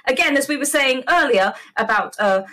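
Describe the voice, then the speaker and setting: A woman's voice: sits high, expressive, moderate pace, fairly bright tone. A woman in casual podcast chat, talking in a chatty, rambling way with many fillers.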